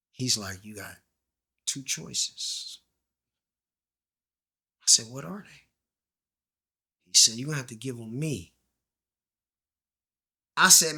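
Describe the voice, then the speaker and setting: A guest in a candid storytelling interview, this man uses slang, voices the characters in his quoted dialogue, and nearly whispers during tense moments. His mid-range voice sounds pushed and bright.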